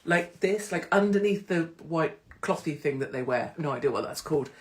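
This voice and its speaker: A woman's voice: deep voice, animated, moderate pace. A woman hosting a casual live stream from her phone, irreverent and sweary, slipping into mocking voices. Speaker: host of a live social media stream.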